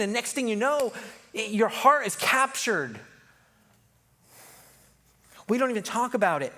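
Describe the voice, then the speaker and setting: A man delivers a sermon in a loose, conversational way. His voice sits notably high for a man. He jokes with the room and slips into quick voices when he quotes people. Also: big pitch swings, sharp tone. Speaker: pastor.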